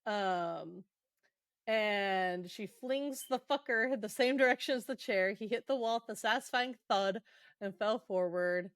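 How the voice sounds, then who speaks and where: A woman's voice: mid-range voice, unhurried, clean tone, no room sound, clean studio sound. A woman hosting a podcast, casually recapping a book in a chatty, irreverent way, swearing and laughing along. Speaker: podcast host.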